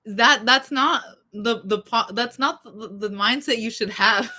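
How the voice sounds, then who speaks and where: Bright-voiced young woman rambling casually. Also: a little high, slow, breathy edge. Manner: rambling, many fillers, laughing asides. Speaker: vlogger. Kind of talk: casual chat about music.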